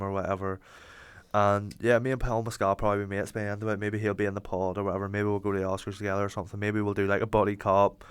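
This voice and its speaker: A young Irish man hosting a podcast, rambling excitably, swearing and acting out imagined conversations. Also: on the low side, very fast, smooth, no room sound, studio quality. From Ireland. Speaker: podcast host. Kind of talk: casual monologue.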